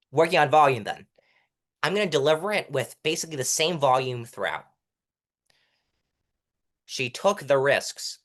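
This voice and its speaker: In a relaxed interview, a young man who competes in mock trial offers coaching on courtroom presence. His pitch swings up and down constantly, and he's animated, often pausing to recite short lines at different volumes so listeners can hear loud versus soft delivery.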